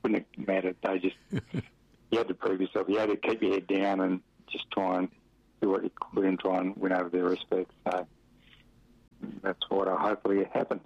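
A middle-aged Australian man tells loose, chuckling stories about his football days, leaning on fillers as he goes. His voice sits very low with a gravelly edge. The recording is muffled and dry, like an old radio interview. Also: level tone, normal speed, darkish tone, dry recording. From Western Australia. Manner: rambling, chuckling anecdotes with many fillers. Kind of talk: relaxed storytelling interview.

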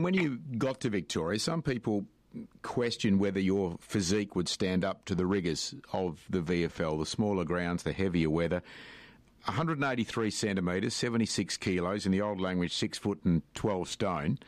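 A man hosts a radio interview. His low voice moves through a lively pitch range as he sets up his questions. The sound is close and dry, with no room echo.

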